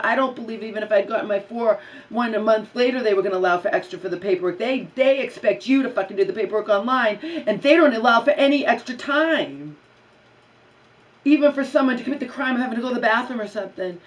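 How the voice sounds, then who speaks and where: A woman's voice: on the high side, quick pace, distant mic, rough recording. A woman vlogger in an angry personal rant about a bad day, agitated, swearing and repeating herself.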